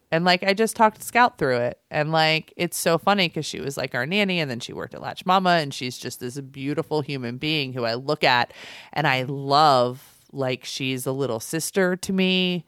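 A woman in her thirties talks candidly on a podcast, her thoughts spilling out with plenty of "like" fillers. Her voice sits low in pitch. The recording is dry and close, with no room around it. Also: normal speed, a bit bright, clean tone, no room sound. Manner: candid, rambling with many "like" fillers. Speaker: podcast co-host. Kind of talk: casual podcast chat.

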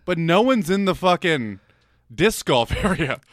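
Animated profane man on a podcast. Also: on the high side, a little slow, no echo, clean studio sound. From Canada. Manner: profane, loud mocking impressions. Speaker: podcast co-host. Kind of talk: crude casual comedy banter.

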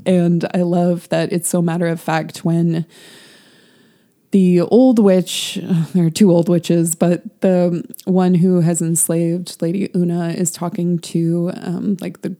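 A woman co-hosts a podcast, chatting casually about a novel with lots of "um"s and "like"s. Her voice is on the low side and dark in tone, with little pitch movement and a slow pace.

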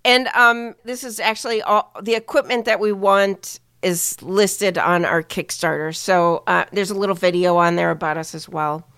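A woman co-hosting a casual podcast, chatting with listeners in a relaxed way with many fillers. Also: mid-range voice, normal speed, hardly any pauses, clear, resonant tone, no room sound, studio quality. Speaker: podcast co-host.

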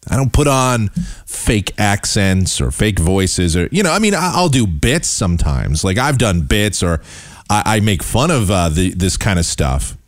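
A man hosting his own podcast, giving a scornful, animated rant about the broadcasting industry. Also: on the low side, unhurried, no echo, clean studio sound. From United States. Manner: scornful, animated, mocks voices he dislikes. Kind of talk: ranting commentary.

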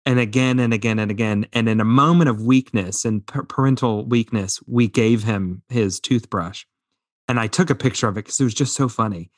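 Man in his thirties, podcast co-host, casual chat, animated storyteller, dry close sound. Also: on the low side, brisk, no echo. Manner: animated storyteller, acts out voices, laughs often.

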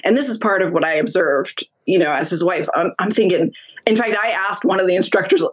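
A woman guest telling a lively story in a casual interview, laughing often as she talks. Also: medium pitch, moderate pace, slightly rough, muffled recording.

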